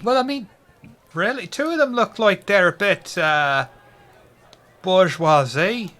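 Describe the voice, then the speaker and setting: A boisterous, preachy pub regular who loves to lecture his drinking friends. A man plays him, pitching up high and bright. He sounds loud and lively. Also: slow pace, heavily acted. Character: rowdy male Irish communist pub regular.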